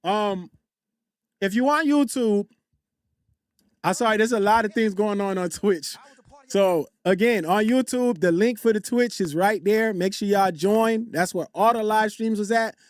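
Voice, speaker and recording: Male streamer, high voice, dry close sound; casual slangy chat-reader who repeats himself and shouts out viewers. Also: unhurried, dry recording. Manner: loose slangy banter, repeats phrases, frequent shout-outs. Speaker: livestream host. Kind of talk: casual livestream commentary, reading chat aloud. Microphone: desktop USB condenser mic.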